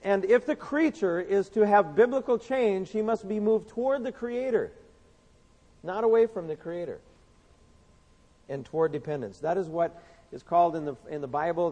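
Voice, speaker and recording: Male preacher, high voice, earnest sermon delivery with a storyteller's repeats, long hall reverb. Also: animated, normal speed, darkish tone.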